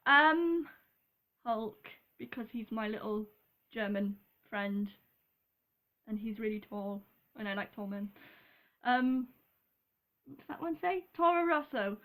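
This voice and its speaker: A woman's voice: a little high, slow, pauses often, fairly bright tone. A young woman from Britain chatting casually on a vlog, giggly and rambling, with lots of ums and apologies. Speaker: vlogger. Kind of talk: casual chat.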